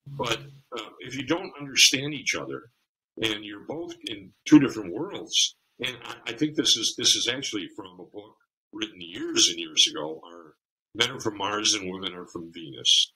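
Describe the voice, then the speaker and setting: A man with a fairly low voice that still sounds strikingly bright and forceful. He talks in an easygoing, conversational way. He often slips into storytelling and acts out little scenes. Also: animated, normal speed, low-quality recording. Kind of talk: casual conversation.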